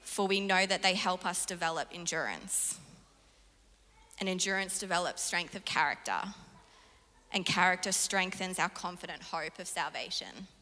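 A young woman delivers a sermon with a bright, forceful tone and a lower pitch than most women. Her voice rings out in a long hall reverb as she speaks earnestly. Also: moderate pace. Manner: earnest, animated storytelling with laughs. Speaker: preacher.

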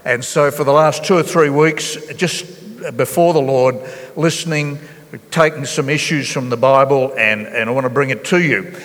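A man preaching a sermon as pastor, earnest and halting, with many fillers and restarts. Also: medium pitch, a bit bright, in a large hall. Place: church hall.

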